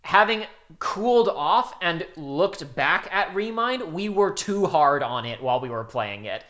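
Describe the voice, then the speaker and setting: A young man co-hosting a casual podcast chat, rambling and animated, bursting into loud acted-out quotes. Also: fairly high pitch, a little slow. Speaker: podcast co-host.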